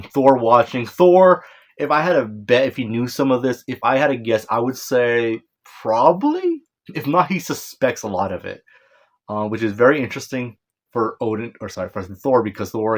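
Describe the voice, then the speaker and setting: Casual male reviewer, rambling and self-correcting, apologetic chuckles, mid-pitch. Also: sing-song, moderate pace. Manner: rambling, self-correcting, stumbles over names. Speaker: manga reviewer. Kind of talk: casual chapter breakdown.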